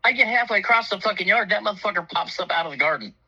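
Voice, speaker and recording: A man's voice: high voice, lively intonation, very fast, bright, forceful tone, breathy edge, lo-fi sound. A man telling a profane, funny story in casual chat, laughing often and acting out the voices of people in it. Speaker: storyteller on a talk show.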